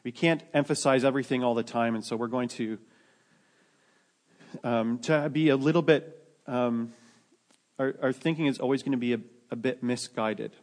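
A man's voice: mid-range voice, moderate pace, long pauses, a little mellow. A man preaching a sermon to his church in a conversational way, often restarting his sentences and adding joking asides. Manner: conversational, many restarts, self-deprecating asides. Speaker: pastor.

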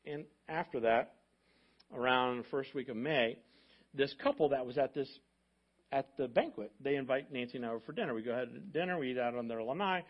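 Male pastor, conversational storyteller in a sermon, mid-pitched voice, slightly muffled recording. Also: brisk. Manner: conversational storyteller, swings from hushed to loud. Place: church sanctuary.

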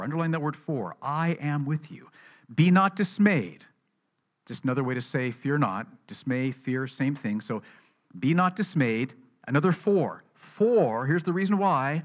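A man preaching a sermon as pastor, earnest and building to emphatic exhortation. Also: a little high.

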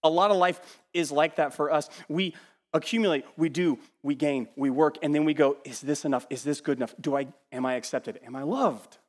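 A man preaching a sermon in an animated, emphatic way, repeating words as he builds a point and dropping to quiet asides. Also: a little high, brisk, in a large hall. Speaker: pastor.

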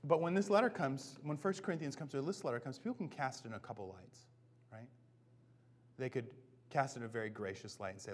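A man in his thirties, a pastor giving a relaxed, conversational sermon, often checking in with "right?" and joking at his own expense. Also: mid-range voice, fairly quick. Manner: casual, self-deprecating, often asks "right?".

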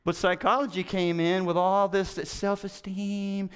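A man's voice: high-pitched, unhurried, few pauses, clear, resonant tone. A middle-aged man preaching a sermon as a pastor, telling stories with self-mocking humor and acting out quoted lines. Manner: animated, self-mocking storytelling with playacted quotes.

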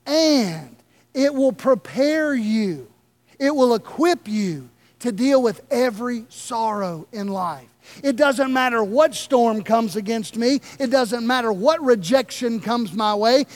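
Pastor, male, very high voice; passionate sermon with drawn-out pauses. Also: animated. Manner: impassioned preaching with dramatic slow pauses. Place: church sanctuary.

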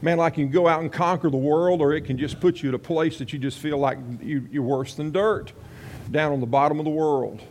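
A man's voice: a little high, steady tone, a little fast. A man preaching a sermon in a folksy, conversational way, with storytelling and rambling asides. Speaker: pastor.

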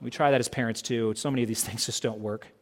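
A fast-talking pastor with a steady, mid-range voice preaches in an easygoing, conversational manner. He peppers the sermon with rhetorical questions and acts out pieces of quoted dialogue.

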